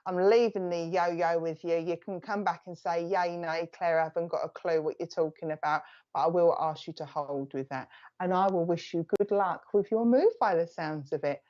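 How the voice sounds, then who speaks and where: A woman's voice: lowish voice, normal speed, a little mellow, muffled recording. A woman with an Essex accent giving a live psychic reading, relaying messages in a chatty, reassuring way. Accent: Essex English. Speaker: psychic medium.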